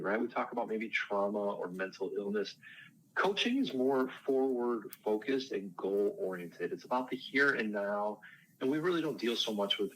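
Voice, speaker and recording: Male counselor, low voice, relaxed explanatory interview answers, slight noise under the recording. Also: normal speed, low-quality recording. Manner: explanatory, conversational, self-deprecating asides. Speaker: counselor and life coach. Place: outdoors on a porch.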